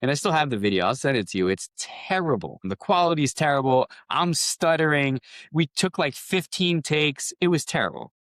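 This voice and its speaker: A man's voice: a little high, animated, normal speed, a bit bright, no echo. A man, a company founder guest on a podcast, telling rambling anecdotes in a casual interview, with restarts and quoted dialogue.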